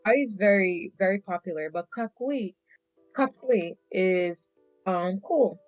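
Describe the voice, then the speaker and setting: A woman's voice: medium pitch, a little slow, no echo, lo-fi sound, faint music behind. A woman, a language teacher, chatting casually as an interview guest and acting out funny quotes. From Jamaica. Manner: animated storyteller, acts out funny quotes.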